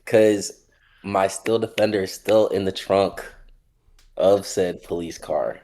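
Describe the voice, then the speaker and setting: Hesitant, low-voiced tabletop player. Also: male voice, steady tone, takes it slowly, mellow. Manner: inquisitive, hesitant. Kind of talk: casual chat at a gaming table.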